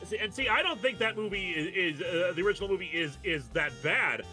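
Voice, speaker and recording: A man's voice: high voice, animated, fairly quick, sharp tone, faint music behind. A man guesting on a casual chat, cutting in and restarting his sentences. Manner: talks over others, stumbles and restarts. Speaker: guest commentator.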